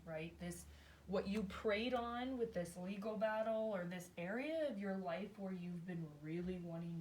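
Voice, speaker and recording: A woman's voice: on the low side, slight background noise. A woman giving a casual tarot reading, thinking aloud in a chatty, rambling way, often adding "like" and "right?". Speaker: tarot reader.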